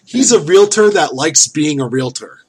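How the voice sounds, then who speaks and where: Husky guy griping on a podcast, bit high, swings up and down. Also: lively intonation, moderate pace. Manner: complaining, sarcastic, swears. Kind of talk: casual chat.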